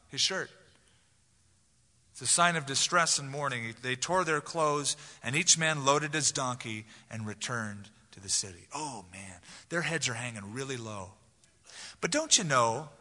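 A man's voice: a little high, bright, forceful tone. A male pastor preaching an expository sermon, storytelling animatedly with casual asides. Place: church sanctuary. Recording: reverberant church hall.

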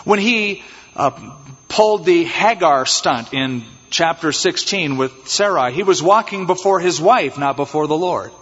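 A man preaching an expository sermon as pastor, animated and acting out little scenes in changed voices. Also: on the high side, a little slow, slightly rough. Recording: dull, reverberant church hall sound.

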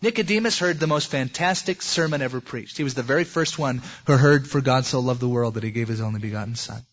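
A pastor with a medium-pitched voice preaches an expository sermon at a quick pace, keeping it conversational. He acts out the voices of the people in the passages he quotes, and the recording is dull and lo-fi.

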